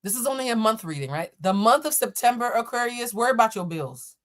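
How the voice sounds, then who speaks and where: Joking, animated woman reading tarot live. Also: fairly high pitch, fast. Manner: animated, joking, laughing, swearing, chatting with viewers. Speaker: tarot reader hosting a live stream. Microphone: laptop or camera setup.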